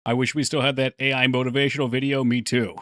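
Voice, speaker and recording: Bright-voiced man streaming game development. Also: medium pitch, little pitch movement, quick pace, no room sound, studio quality. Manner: rambling, thinks aloud, reads chat. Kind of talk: casual live-stream chat. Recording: faint music behind voice.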